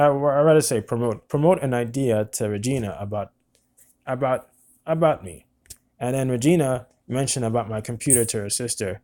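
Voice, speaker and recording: Halting young man recounting events. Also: medium pitch, mellow. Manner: halting, repeats words, earnest. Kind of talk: personal monologue recounting events.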